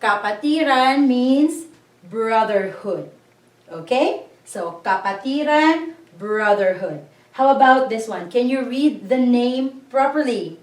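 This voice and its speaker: Slow, patient woman teaching in an echoey room. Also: a little high, expressive. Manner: spells out syllables slowly, asks learners to repeat. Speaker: language teacher. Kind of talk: slow patient language lesson. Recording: echoey room, voice a bit far from the mic.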